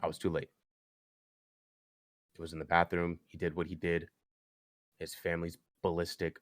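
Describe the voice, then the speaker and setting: A young man on a podcast, telling a personal story earnestly, haltingly, with frequent restarts. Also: low-pitched, monotone, dry recording, studio quality. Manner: earnest, halting, with many restarts and "you know". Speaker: podcast guest.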